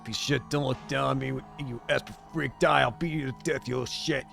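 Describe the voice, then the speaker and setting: A man's voice: medium pitch, fairly even intonation, fairly quick, creaky, a bit bright, soft background music. A man voicing the swearing, snarling inner voices of vulgar young male street thugs. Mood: hateful.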